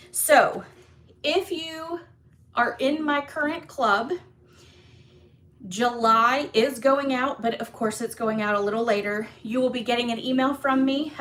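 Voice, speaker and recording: A woman with a slightly high voice talks her viewers through a craft project in a casual live stream. She is chatty and upbeat, and she fills her sentences with ums and little laughs. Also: fairly bright tone. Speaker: craft demonstrator hosting a live class. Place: home craft room.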